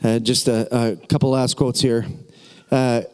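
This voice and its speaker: A middle-aged man preaching with a lively story, acting out voices and shouting encouragement. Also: medium pitch, a little slow, clear, resonant tone. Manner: animated, acts out the people in his story, shouts encouragement. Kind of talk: storytelling sermon.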